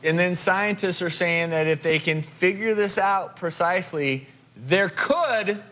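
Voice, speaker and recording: A man's voice: high voice, normal speed, a bit bright. A man hosting a TV talk show, presenting in a studio with an audience and addressing them directly.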